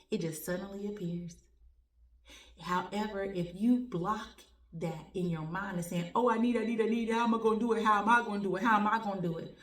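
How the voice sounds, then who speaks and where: Woman, motivational host, animated preachy storytelling, repeats phrases, distant mic, echoey room. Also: mid-range voice.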